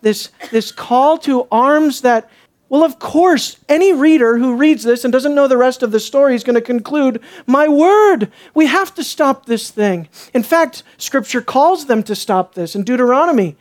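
Very high-pitched and speaking at normal speed, a man preaches through an expository sermon. Rhetorical questions punctuate his talk, his volume swings from hushed to emphatic, and his impressions of others drip with sarcasm.

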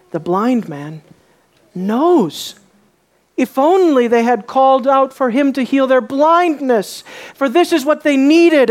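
An animated preacher in the middle of a sermon, asking one rhetorical question after another. The voice sits mid-pitch, restarts and repeats words as thoughts tumble out, and drops from loud emphasis to quiet, low intensity.

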